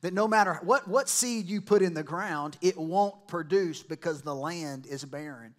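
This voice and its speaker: A male pastor preaches a sermon in a church. His voice sits a little high for a man. He talks to the congregation like he is chatting with them, breaks into side stories and plays out what people said. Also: normal speed. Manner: conversational preaching with asides and quoted voices.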